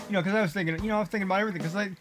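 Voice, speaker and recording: A man's voice: high-pitched, fairly bright tone. A middle-aged man streaming a game, chatting casually in a rambling, exclamatory way and talking back to the characters on screen. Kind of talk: casual chat while playing.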